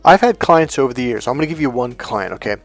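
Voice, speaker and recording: A middle-aged man from California giving a blunt, profane, animated dating-coaching talk. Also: mid-range voice, fast talker, creaky, faint music behind. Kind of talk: emphatic coaching monologue.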